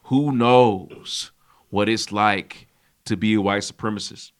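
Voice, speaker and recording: A man co-hosting a casual comedy podcast, talking in an animated, mocking way that drops low at the ends of his lines. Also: takes it slowly. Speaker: podcast co-host.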